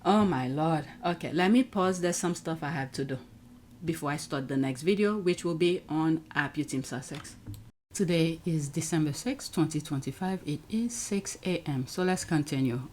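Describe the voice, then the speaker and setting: A woman's voice: sits low, animated, normal speed, a little mellow, slight background noise. A woman running her own online channel, chatting casually as she works through clips on screen, with frequent exclamations. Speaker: YouTube commentator. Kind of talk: casual reaction commentary.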